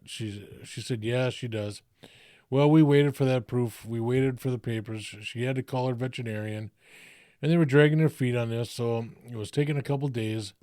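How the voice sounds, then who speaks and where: A man's voice: medium pitch, warm tone, no echo, clean studio sound. A middle-aged man telling a story from his own life in a blunt, profane, plain-spoken way. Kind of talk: casual first-person storytelling.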